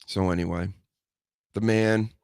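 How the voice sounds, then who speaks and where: A man hosting a solo podcast, rambling and joking with mock threats and loud mocking outbursts. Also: lowish voice, fairly even intonation, measured pace, smooth, dry recording, studio quality. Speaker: podcast host. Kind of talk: casual solo wrestling podcast chat.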